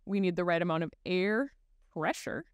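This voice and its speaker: Woman, podcast guest expert, smooth voice, step-by-step explainer, dry close mic. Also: on the low side, lively intonation, normal speed, no room sound. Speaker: guest expert on child speech development.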